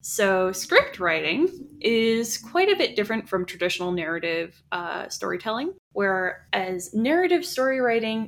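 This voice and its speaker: A woman talking casually on a podcast, explaining ideas in a chatty way with frequent restarts. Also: medium pitch. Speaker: podcast co-host. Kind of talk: casual chat about writing.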